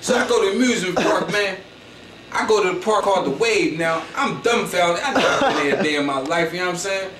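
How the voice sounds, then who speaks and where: A high-voiced, animated man talks fast above a noisy crowd in a comedic storytelling monologue. This Philadelphia comedian is boastful and slangy, rambling with a constant "you know what I'm saying." The recording has an echoey, distant quality and faint noise.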